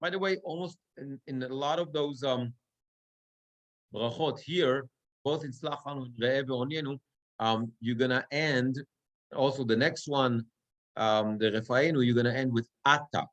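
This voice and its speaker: A man's voice: medium pitch, normal speed, a bit bright, lo-fi sound. A cantor and rabbi teaching a class on prayer chanting. He explains step by step and often asks "right?" to check that his students follow.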